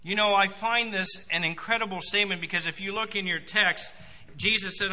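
A man preaching a sermon, emphatic, swinging between loud proclamations and quiet asides. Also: high-pitched. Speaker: pastor. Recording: long hall reverb.

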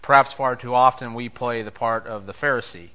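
Emphatic, bright-voiced male preacher. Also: brisk. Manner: emphatic, swings between loud declarations and soft, low asides. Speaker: pastor. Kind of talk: sermon.

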